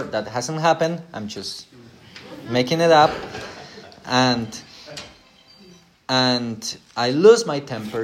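A middle-aged man preaching a conversational sermon, speaking directly and asking his listeners rhetorical questions. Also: mid-range voice.

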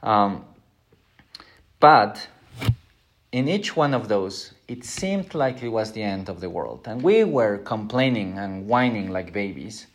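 A man's voice: fairly low pitch, expressive, slow pace. A middle-aged man teaching a Bible lesson in a conversational, earnest, self-deprecating way. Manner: earnest, self-deprecating, acts out quoted voices.

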